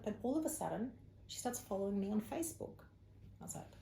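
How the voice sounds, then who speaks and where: A woman's voice: mid-range voice, quick pace, creaky. An Australian woman, a psychic medium as an interview guest, telling a personal story in casual conversation and acting out the people she quotes. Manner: animated storyteller, acts out quoted speech. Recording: echoey room with faint ambient noise.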